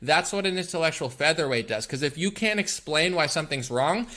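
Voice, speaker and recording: Bright-voiced ranting podcast host, a man. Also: fairly high pitch, expressive, a little fast. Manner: combative, ranting, emphatic. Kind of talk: political commentary podcast.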